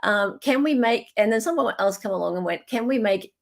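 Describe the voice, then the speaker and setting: A woman's voice: medium pitch, animated, fairly quick, vocal fry. An Australian woman hosting a livestream in casual chat, reading out viewer comments, thanking viewers by name and laughing often. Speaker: livestream host.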